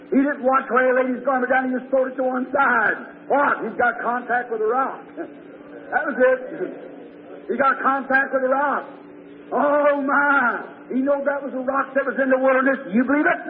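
A man's voice: very high-pitched, a little hiss or hum. A man preaching a fervent revival sermon, telling Bible stories and asking the congregation questions. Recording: tinny old phone-like recording in a hall.

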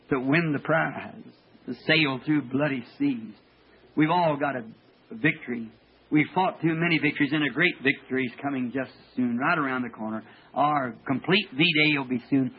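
A man preaching a fervent sermon testimony, halting and stammering as he tells his story. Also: fairly high pitch, breathy edge. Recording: old tinny archival tape.

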